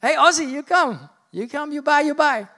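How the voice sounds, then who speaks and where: Guy doing a loud pushy street seller w indonesian accent, high and insistent. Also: lively intonation, moderate pace, exaggerated voice. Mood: pushy, calling. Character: pushy male street vendor hawking shirts.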